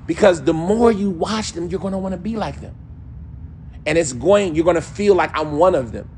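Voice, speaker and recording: Male religious teacher, conversational and animated, playful mimicry, light ambient noise. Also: high voice, moderate pace. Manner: casual, animated, mimics accents and voices. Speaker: Islamic teacher. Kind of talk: religious lesson.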